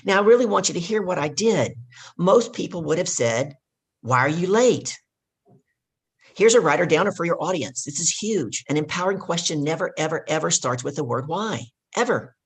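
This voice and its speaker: A woman's voice: on the low side, animated, a little fast, husky. A woman guest and leadership coach in an interview, telling stories with emphatic, teaching delivery. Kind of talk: casual interview talk.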